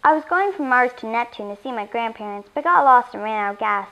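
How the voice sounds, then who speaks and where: A woman's voice: on the high side, animated, a little fast, a bit bright. A woman voicing a small, hungry, friendly male alien who chirps and whines. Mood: chirpy. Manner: chirpy, whiny when hungry.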